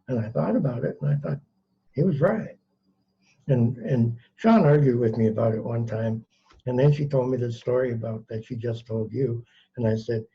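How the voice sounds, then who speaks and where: Wry, husky-voiced man telling a story. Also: medium pitch, lively intonation, normal speed, mellow. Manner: wry, dry storytelling that plays both sides of a dialogue. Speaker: co-host. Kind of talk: anecdotal talk. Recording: dull, muffled sound.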